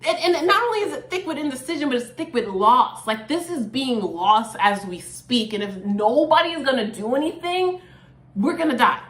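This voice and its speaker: A woman's voice: sits high, normal speed, reverberant. A woman hosting her own channel, talking casually and expressively through song lyrics with lots of "like"s. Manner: chatty, expressive, many "like"s. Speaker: YouTube host reacting to song lyrics.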